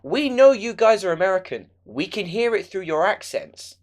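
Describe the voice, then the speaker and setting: A man's voice: sits high, very animated, normal speed. A young man ranting sarcastically in a film review vlog.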